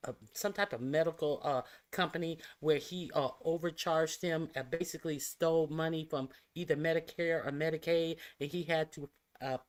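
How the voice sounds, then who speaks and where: Livestream news host, lots of uhs, stop-start, mid-pitched voice. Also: steady tone. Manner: halting, full of "uh" fillers. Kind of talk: casual livestream news talk.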